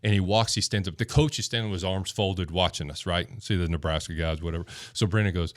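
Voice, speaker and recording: A man telling a story on a podcast in a casual, animated way, acting out quotes and laughing as he goes. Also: lowish voice, a little fast, no room sound, studio quality. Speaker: guest, former football player.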